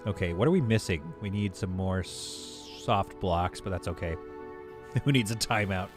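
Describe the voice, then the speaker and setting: A man's voice: low voice, moderate pace, music in the background. Chatty male streamer thinking aloud. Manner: relaxed, laughs easily. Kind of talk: live gameplay commentary.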